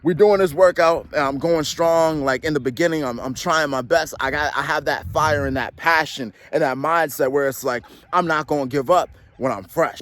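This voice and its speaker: A young man with a somewhat high-pitched voice talks straight to the listener about effort. He is blunt and swears freely. He keeps firing rhetorical questions and slangy asides. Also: fairly bright tone, no echo. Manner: slangy, frequent "you know what I'm saying". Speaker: motivational talk host. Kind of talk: casual motivational monologue.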